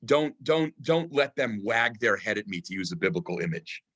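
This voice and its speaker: A man's voice: fairly low pitch, lively intonation, moderate pace, fairly bright tone. Man teaching a text study, um-filled. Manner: thoughtful, frequent ums, reads Hebrew verses then translates. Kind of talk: online text study lecture.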